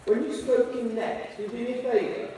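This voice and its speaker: A man's voice: very high-pitched, fairly even intonation, fairly quick, warm tone. A man coaching a dressage lesson in an indoor arena, encouraging and teasing the rider with constant praise. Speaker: riding instructor. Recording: echoey arena, voice from far off.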